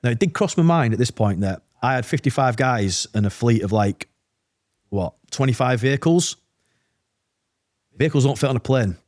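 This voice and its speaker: A man's voice: medium pitch, animated, moderate pace, a little mellow, no echo, clean studio sound. A British man, an army veteran, telling a war story bluntly with swearing and quoted dialogue in a casual podcast interview.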